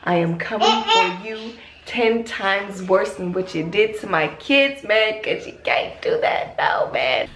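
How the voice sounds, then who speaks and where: Mom firing back in a home video, slangy and defiant, roomy echo, a bit of noise. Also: female voice, medium pitch, sing-song, slow pace. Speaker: mother defending her video. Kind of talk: casual self-recorded video message.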